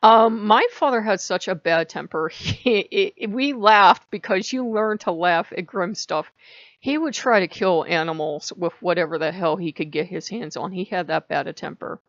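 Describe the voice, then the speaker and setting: A woman's voice: on the low side, moderate pace, fairly bright tone, dry recording. A middle-aged woman vlogging about her own life, blunt and confessional, swearing freely as she tells her story. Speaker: spiritual vlogger. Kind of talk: candid personal storytelling. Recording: dull lo-fi home recording.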